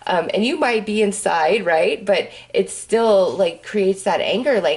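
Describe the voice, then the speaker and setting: A woman's voice: medium pitch, unhurried, creaky, few pauses, darkish tone. A woman giving a casual tarot reading, chatty and rambling with plenty of fillers. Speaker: tarot reader.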